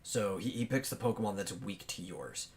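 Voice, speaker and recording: A man hosting a casual podcast, thinking aloud as he talks, with many pauses and fillers. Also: on the low side, animated. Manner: chews on bread while talking. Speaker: podcast host.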